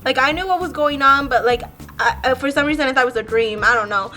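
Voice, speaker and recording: High, bright young woman rambling a story. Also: quick pace, faint music behind. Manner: rambling, profane, heavy use of "like". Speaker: vlogger. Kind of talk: casual storytime vlog.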